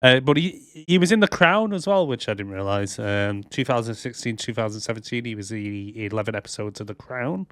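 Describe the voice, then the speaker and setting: A man's voice: lowish voice, fairly quick, hardly any pauses, fairly bright tone, no echo. Rambling man, dry sound. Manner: rambling with many fillers. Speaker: podcast co-host. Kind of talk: casual chat.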